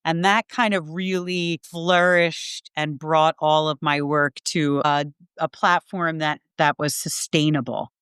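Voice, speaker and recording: A woman's voice: low-pitched, steady tone, a little slow, hardly any pauses, fairly bright tone, clean tone, dry recording, studio quality. A middle-aged woman, a Reiki teacher and podcast guest, telling a personal story in an earnest, heartfelt way with lots of "like".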